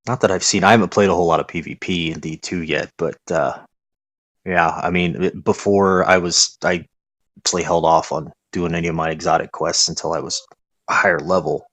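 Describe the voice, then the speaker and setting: A man's voice: low-pitched, fairly even intonation, a little fast, fairly bright tone, dry recording. A man appearing as a guest on a casual gaming podcast, telling stories in a laid-back, hesitant way.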